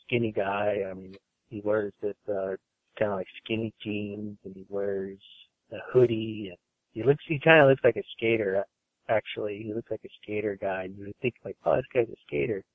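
A man appears as a guest on a podcast, casually talking about his studio job in an easygoing, rambling way full of fillers and restarts. His voice is on the low side with fairly even intonation at normal speed, and the audio sounds like a phone call.

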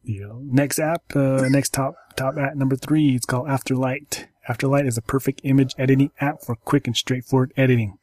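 Halting, flat-voiced man hosting a chat. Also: mid-range voice, no echo. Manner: halting, many ums and restarts. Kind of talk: casual chat reviewing apps.

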